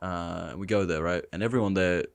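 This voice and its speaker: A young man, a podcast guest, telling animated stories and laughing as he talks. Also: low voice, moderate pace, gravelly. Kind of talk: casual storytelling.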